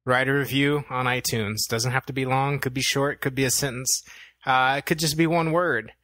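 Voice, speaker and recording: A man's voice: mid-range voice, steady tone, normal speed, sharp tone, no echo. A young man co-hosting a film review podcast, chatting casually and thinking aloud with plenty of filler words. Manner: easygoing, thinks aloud with many "um"s. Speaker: podcast co-host.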